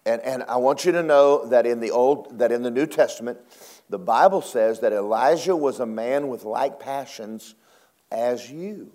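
A male preacher delivering a sermon, swinging from low murmurs to high, dramatic acted cries. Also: moderate pace, a little mellow.

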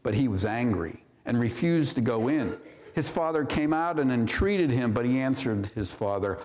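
A man's voice: lowish voice, expressive, moderate pace, darkish tone. A male pastor preaching a sermon, reading scripture aloud and commenting on it with rhetorical questions to the congregation. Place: church sanctuary. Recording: long reverb of a church sanctuary.

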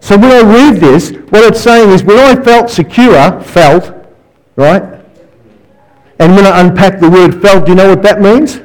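Heard on a rough recording, a man with a voice that sits high speaks a little slowly as he preaches a sermon. He is a guest speaker and counsellor, telling stories with asides and rhetorical questions.

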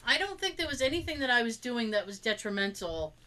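A woman's voice: fairly high pitch, fast talker. A woman chatting casually and telling work stories, acting out what her coworkers said. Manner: animated, acts out coworkers' lines. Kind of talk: casual chat, storytelling.

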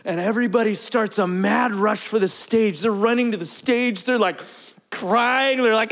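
High-voiced man telling a sermon story. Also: normal speed. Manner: lively, animated storytelling with acted-out quotes. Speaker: pastor.

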